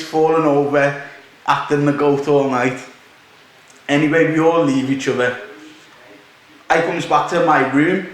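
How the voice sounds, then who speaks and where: A man, hosting a podcast and telling a story in casual, animated chat, laughing as he goes. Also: fairly high pitch. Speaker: podcast host. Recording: echoey room.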